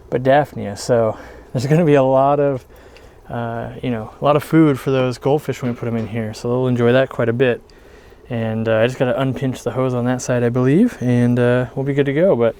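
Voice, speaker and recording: A man hosting a casual outdoor vlog, talking in a relaxed, rambling way with lots of fillers while standing by a garden pond. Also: medium pitch, smooth. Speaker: aquarium shop owner and channel host.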